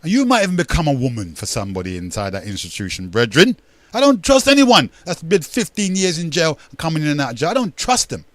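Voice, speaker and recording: A man's voice: on the high side, big pitch swings, fast, no echo. An older man, hosting a radio talk show in a rambling, emphatic monologue that repeats words and addresses listeners as brethren.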